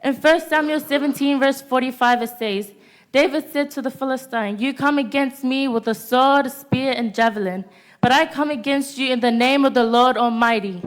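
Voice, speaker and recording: Teen girl preaching at a youth service, high voice, keeps asking the church for an amen. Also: moderate pace. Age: teens. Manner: call-and-response, asks "Amen?" after nearly every point. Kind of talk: sermon.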